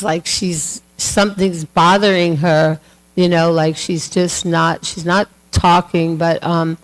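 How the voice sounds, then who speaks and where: A woman's voice: on the low side, rough recording. A woman telling a devotional story to a class in a chatty, casual way with many fillers, acting out the voices. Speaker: class speaker.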